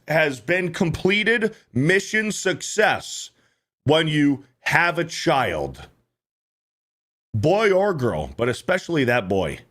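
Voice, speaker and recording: A man's voice: mid-range voice, a bit bright. A man hosting a livestream, reacting to clips in casual, profane commentary and often repeating himself. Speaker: livestream host.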